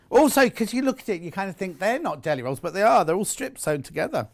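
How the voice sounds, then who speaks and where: A man's voice: high-pitched, sing-song, quick pace, gravelly. A middle-aged man presenting products live on a home shopping channel, chatty, enthusiastic and jokey about himself.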